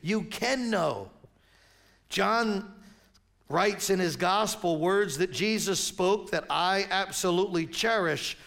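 A man's voice: high-pitched, slow pace, vocal fry, a bit bright. A middle-aged man preaching a sermon as pastor, in a conversational way with stumbling restarts when he tells stories.

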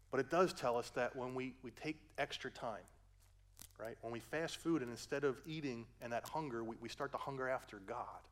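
Older male pastor, sermon delivery, dynamic from hushed to booming, folksy. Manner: swings from hushed and gentle to loud climactic preaching; folksy asides, addresses listeners as folks.

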